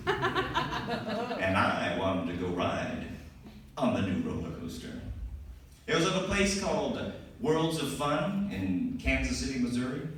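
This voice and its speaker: A young man performing a stand-up comedy set on a comedy club stage, animated and shouting his punchlines in mock panic. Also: mid-range voice, slight background noise. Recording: echoey club from far off, crowd laughter. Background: audience laughing and cheering.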